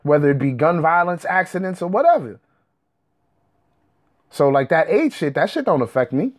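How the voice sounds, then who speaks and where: A man's voice: fairly high pitch, expressive, moderate pace. A young man talking straight to his audience in a heated, profane, combative rant. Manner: profane, combative, rising to angry outbursts. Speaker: commentator.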